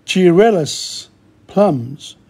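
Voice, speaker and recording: Guy going thru vocab list real slow, mellow kinda husky voice, keeps repeating words. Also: high voice, expressive. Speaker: language teacher. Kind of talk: casual vocabulary lesson.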